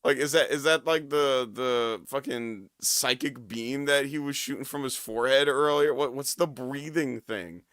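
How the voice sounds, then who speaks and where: A hoarse man in his thirties giving profane, laughing commentary while reacting to a video on a livestream. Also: medium pitch, normal speed, hardly any pauses, fairly bright tone, no room sound, clean studio sound.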